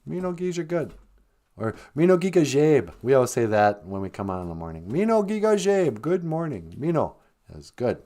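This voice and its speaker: A man's voice: sing-song, moderate pace. Easygoing joking male radio host. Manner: easygoing, teasing, drops to low soft asides. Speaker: radio host teaching Ojibwe words. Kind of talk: joking morning radio chat.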